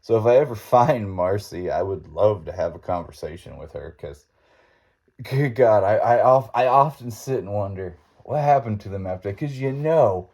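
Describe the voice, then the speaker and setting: A man's voice: on the low side, lively intonation, normal speed, darkish tone. A man hosting a podcast, telling a story in a rambling, laid-back way with folksy grammar and frequent chuckles. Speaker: podcast host. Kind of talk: casual storytelling monologue.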